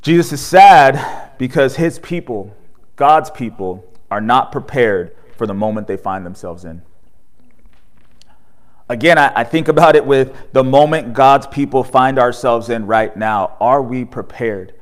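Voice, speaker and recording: A pastor delivers a sermon at a measured pace, telling the story with animation. He asks rhetorical questions, often ends lines with "right?", and goes soft and low at solemn moments.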